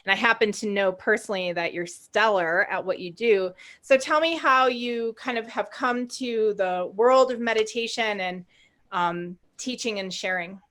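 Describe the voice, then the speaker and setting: A woman's voice: medium pitch, moderate pace, a bit bright. A woman hosting a podcast, asking a guest friendly, encouraging interview questions. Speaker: podcast host.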